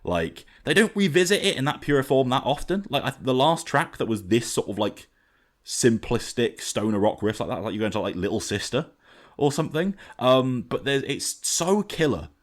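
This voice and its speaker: A man's voice: medium pitch, very animated, moderate pace. A man hosting a podcast, chatting casually and animatedly about an album with many fillers and restarts. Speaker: podcast host. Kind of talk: casual album review chat.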